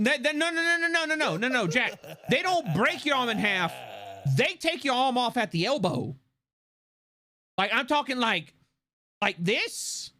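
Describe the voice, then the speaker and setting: A man streaming live, chatting casually and animatedly with lots of swearing and laughter. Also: high voice. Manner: animated, profane, laughing often.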